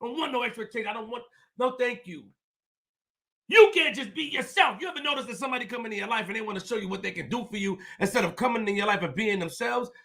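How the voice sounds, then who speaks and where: A male host talking to viewers on a livestream, repeating himself and swinging from low muttering to shouting. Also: expressive, fast talker, creaky. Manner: repetitive, emphatic. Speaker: show host.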